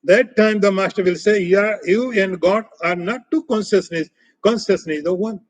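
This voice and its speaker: Speaking at normal speed in a high voice, a man lectures on scripture as a spiritual teacher, recorded in low quality with no room sound. He repeats short, emphatic phrases that frequently fade off softer.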